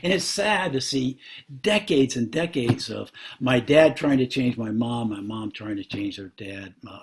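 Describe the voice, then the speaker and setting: Male pastor, husky and breathy, earnest sermon delivery with rhetorical questions. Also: on the low side. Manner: earnest, repetitive, rises sharply on rhetorical questions. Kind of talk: sermon-style teaching.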